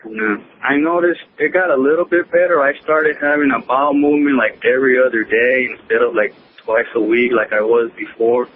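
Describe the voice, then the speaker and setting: A man's voice: mid-range voice, steady tone, fairly quick. Man, caller, hesitant, many ums, phone line sound, faint hiss. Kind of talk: phone-in call.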